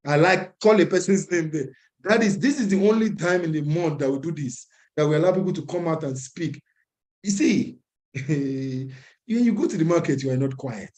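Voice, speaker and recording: A man's voice: a little high, moderate pace, a little mellow, poor audio. Preachy man giving a pep talk. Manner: preachy, repeats lines for emphasis. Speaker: organization president. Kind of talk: motivational address on a video call.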